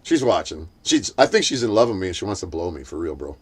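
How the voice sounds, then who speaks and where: A man's voice: very animated, fast talker, slightly rough. A man in a casual chat, telling a heated story full of swearing and acting out what others said. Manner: acts out quotes in a shrill voice.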